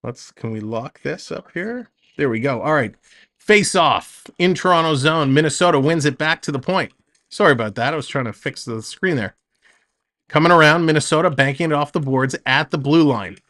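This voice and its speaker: Man calling hockey play-by-play, higher voice. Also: expressive, normal speed, fairly bright tone. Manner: narrates action in short bursts, chats with viewers between plays. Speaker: streamer doing play-by-play. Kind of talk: live hockey play-by-play commentary.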